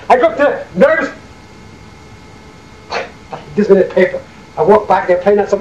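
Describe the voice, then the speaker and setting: Elderly high-voiced New man storytelling. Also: moderate pace, long pauses, reverberant, low-quality recording. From Hackensack, New Jersey. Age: older. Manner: animated, acts out quoted dialogue. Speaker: war veteran interviewee. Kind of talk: oral history storytelling.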